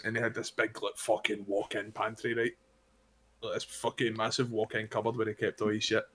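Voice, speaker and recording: A young Scottish man on a podcast, telling a rowdy anecdote in casual, sweary chat and laughing along the way. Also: mid-range voice. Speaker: podcast co-host.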